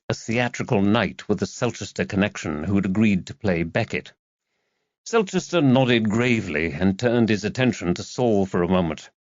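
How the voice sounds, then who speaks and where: Male narrator, low voice, expressive, dull dry lo-fi sound. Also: normal speed, dry recording. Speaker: audiobook narrator. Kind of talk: scripted narration.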